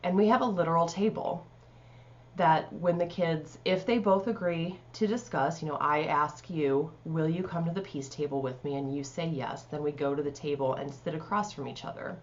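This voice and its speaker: Woman life coach, low voice, calm and chatty, slightly muffled home recording. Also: normal speed. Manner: calm, conversational, many fillers like "you know". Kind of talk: casual advice talk to camera.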